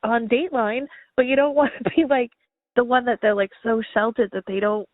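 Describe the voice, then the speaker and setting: A woman's voice: on the high side, brisk, dry recording. A woman in her thirties co-hosting a podcast, rambling in casual chat, full of "like" and giggles. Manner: says "like" constantly, rambling and giggly. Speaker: podcast co-host. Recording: dry, tinny phone-like sound.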